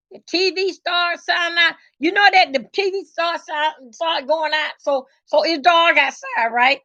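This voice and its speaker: A middle-aged woman telling family stories in a casual, animated, emphatic way, swearing freely. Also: very high-pitched, unhurried, hardly any pauses, dry recording. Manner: animated, emphatic, salty with cursing. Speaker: vlogger. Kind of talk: casual storytelling. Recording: dull lo-fi recording.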